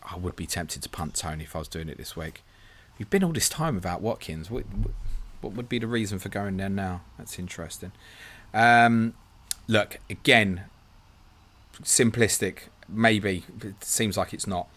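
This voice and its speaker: Deep-voiced and a bit bright, this man keeps a moderate pace as he hosts a live stream. He's chatty, reading out viewers' messages and questions and answering them, and he calls people "mate."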